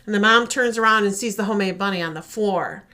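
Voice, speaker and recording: Bright-voiced woman retelling a horror story. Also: medium pitch, quick pace. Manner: animated storytelling, acts out voices. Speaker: podcast co-host. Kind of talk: casual chat, retelling a horror short.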